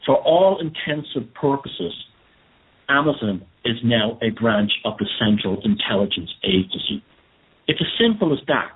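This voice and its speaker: A man delivering an indignant monologue commentary, speaking conversationally and hammering key words. His voice is husky and a bit breathy. The sound is narrow and tinny, like a phone line. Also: mid-range voice, big pitch swings, moderate pace. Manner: indignant and conversational, with repeated emphasis. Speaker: commentator host.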